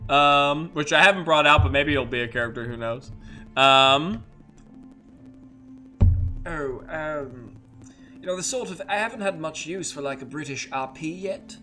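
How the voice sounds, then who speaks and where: A young adult man, a host and voice actor, chatting casually on a livestream in a rambling, animated way with many fillers. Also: fairly high pitch, unhurried, pauses often, soft background music.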